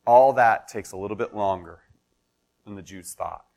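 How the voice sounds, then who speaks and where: A man's voice: moderate pace, vocal fry, a little mellow. A man preaching a sermon as pastor, telling the story in a conversational way with everyday examples and building intensity. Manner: storytelling, builds to impassioned pitch.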